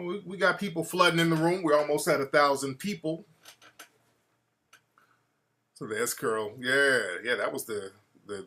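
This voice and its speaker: Bright-voiced man hosting a casual livestream. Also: on the high side. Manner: laid-back slangy talk with many shout-outs. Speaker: livestream host. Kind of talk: casual live-stream chat.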